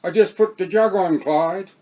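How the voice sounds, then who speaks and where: A man with an Australian accent voicing a gruff, nervous bloke who shouts and swears. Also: sits high, measured pace, lo-fi sound, pitched above the performer's own voice. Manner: loud, rough-spoken, swears.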